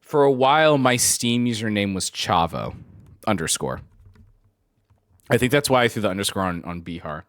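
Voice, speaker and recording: A man's voice: on the low side, lively intonation, moderate pace, long pauses, fairly bright tone, no room sound, studio quality. A man in his twenties streaming live, chatting casually with viewers and telling rambling stories with frequent laughs. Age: 20s. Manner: rambling anecdotal storytelling, laughs often.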